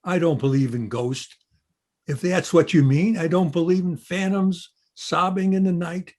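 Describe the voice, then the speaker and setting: A man playing a polite, skeptical gentleman traveler lost on the moors in an old-time radio drama. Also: sits high, steady tone, unhurried. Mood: alarmed. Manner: polite, well-spoken. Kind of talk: 1930s-style radio drama acting.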